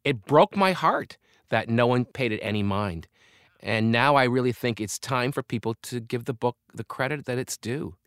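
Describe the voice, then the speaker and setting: A man's voice: medium pitch, normal speed, a bit bright, clean tone, no room sound, clean studio sound. An older man, a comedian and author, telling candid, reflective stories as an interview guest. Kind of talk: conversational interview.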